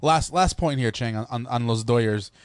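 A man's voice: mid-range voice, normal speed. A man with a mid-range voice co-hosts a casual podcast and keeps it moving with questions. Faint music plays under his voice. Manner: steers the talk with questions. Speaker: podcast co-host and producer. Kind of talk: casual sports and politics chat.

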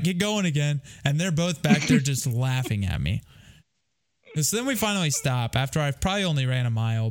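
Young man, casual storytelling, profane, self-deprecating, average pitch. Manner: rambling, profane, self-deprecating, quick asides.

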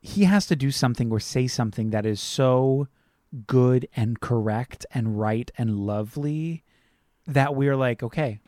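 Man, film podcast co-host, heated rant, swearing, medium pitch, dry close mic. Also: unhurried, mellow, no echo. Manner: heated, ranting, swears freely. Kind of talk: casual film review chat.

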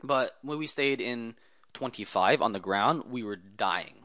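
A man's voice: medium pitch, lively intonation, unhurried, pushed and bright, no room sound, clean studio sound. A man talking as a guest in a casual interview, telling rambling stories in a chatty way. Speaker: guest, automotive photographer.

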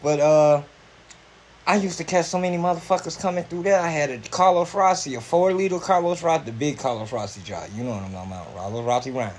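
A man's voice: a little high, fast. A man in his forties from Indiana, chatting casually on a podcast, telling rambling, profane stories and laughing often. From Indiana, USA. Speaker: podcast co-host. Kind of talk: casual chat.

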